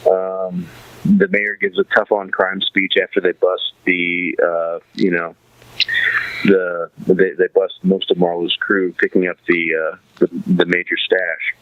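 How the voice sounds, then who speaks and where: A man's voice: deep voice, slow, highs cut off. A man hosting a podcast, chatting casually about a TV series and rambling through restarts and fillers. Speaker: podcast host.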